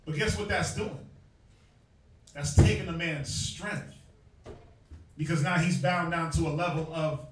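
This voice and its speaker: A street preacher, his voice a little high and steady, speaks at a measured pace with long pauses, firing questions at a crowd in a call-and-response Bible lesson. The recording is echoey, distant from the mic, with slight background noise.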